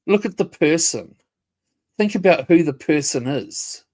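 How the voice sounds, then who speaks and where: A man's voice: a little high, animated, unhurried, darkish tone. A man ranting confrontationally on a casual livestream, swearing and repeating himself. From New Zealand.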